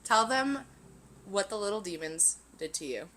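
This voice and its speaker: A woman in her twenties, co-hosting a casual chat, adding quick, expressive remarks to a shared story. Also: mid-range voice. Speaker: podcast co-host.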